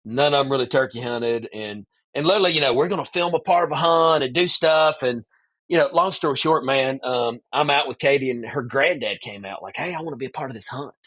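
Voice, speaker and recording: A man with a medium-pitched voice, talking a little fast, recounts a long story as a podcast guest. He keeps it casual and lively, peppering it with "man".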